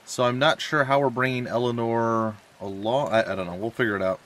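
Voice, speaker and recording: A man's voice: medium pitch, fairly even intonation, brisk, a bit bright. A man hosting a let's play, chatting casually in a rambling, jokey way at a desk mic at home. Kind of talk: casual gameplay commentary.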